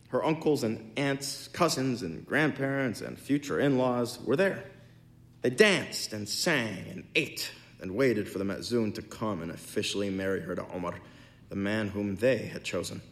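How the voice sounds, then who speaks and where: A man giving an expressive, measured reading of a short story. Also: fairly low pitch, creaky. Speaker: story reader. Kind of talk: literary reading.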